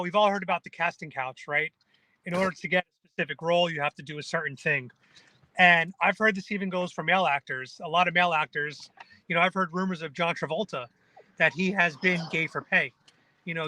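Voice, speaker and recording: A man's voice: high-pitched, bright, forceful tone, no room sound, rough recording. A man hosting a live talk show, chatting in a conversational, opinionated way. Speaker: host.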